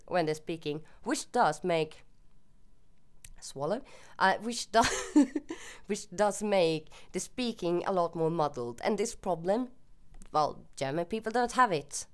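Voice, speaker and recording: A woman's voice: lowish voice, animated, takes it slowly. A young woman from Sweden with a Swedish accent, chatting casually to camera in a rambling, self-deprecating way. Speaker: vlogger.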